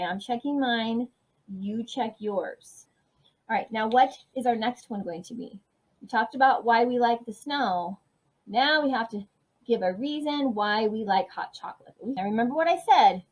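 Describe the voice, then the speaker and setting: A woman's voice: mid-range voice, a little mellow, husky. A woman teacher leading a writing lesson for young children, encouraging and checking in often.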